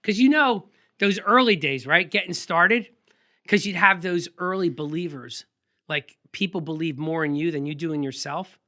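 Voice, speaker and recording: A man being interviewed about his photography work, telling quick, energetic anecdotes in a casual, rambling way. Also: a little high. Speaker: guest photographer.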